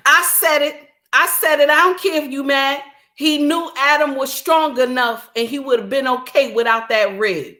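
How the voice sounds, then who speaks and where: A woman's voice: high-pitched, moderate pace, sharp tone. A middle-aged woman, delivering an indignant, preachy ranting monologue full of repetition. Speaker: commentator.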